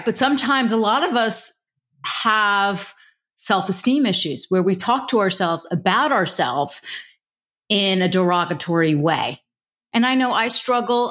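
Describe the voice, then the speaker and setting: A woman's voice: medium pitch, fairly bright tone. A woman hosting an interview, casual and self-deprecating as she asks questions. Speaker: host. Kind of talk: interview conversation.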